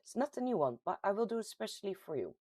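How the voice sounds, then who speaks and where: A woman's voice: mid-range voice, very animated, quick pace, very noisy. A woman with a Dutch accent hosting a casual live chat, reading out viewer comments and laughing often. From Netherlands. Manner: chatty, laughs often, reads comments aloud. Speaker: livestream host reading chat. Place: at home.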